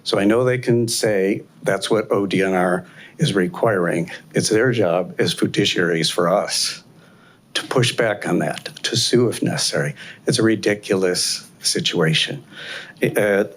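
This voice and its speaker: An older man from Ohio giving a blunt, halting public comment at a city council meeting, speaking at a podium microphone. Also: low voice. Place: council chamber.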